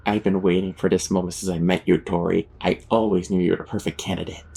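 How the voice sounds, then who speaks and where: A man's voice: low-pitched, level tone, fast, vocal fry, mellow, breathy edge, full character voice. A man reading the lines of a scheming male demon trapped in a puppet, in his plain voice without a put-on accent. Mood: menacing.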